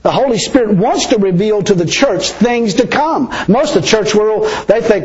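A man's voice: sits high, normal speed, hardly any pauses, darkish tone. A man preaching a sermon as pastor, chuckling often and repeating words for emphasis. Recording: dull lo-fi recording.

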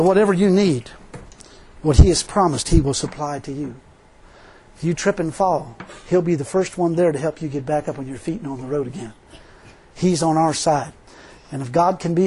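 A man's voice: a little high, a little mellow, husky. A man preaching a fervent, folksy sermon and leading a closing prayer, laughing often between points. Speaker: pastor.

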